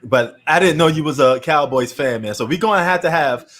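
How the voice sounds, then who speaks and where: A man from New York talks sports in a casual chat show. His voice is husky, and his delivery is blunt, opinionated and full of slang. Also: fairly high pitch, fairly quick, fairly bright tone.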